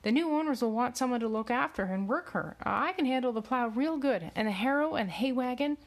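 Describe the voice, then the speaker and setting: A woman's voice: fairly low pitch, normal speed, creaky. A woman voicing a young male farmhand who pleads in plain, earnest words. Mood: desperate pleading.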